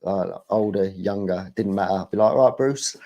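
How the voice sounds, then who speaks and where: A man's voice: sits low, little pitch movement, normal speed, gravelly, dark tone, highs cut off. A middle-aged man, chatting casually as a guest on a livestream, rambling and laughing often.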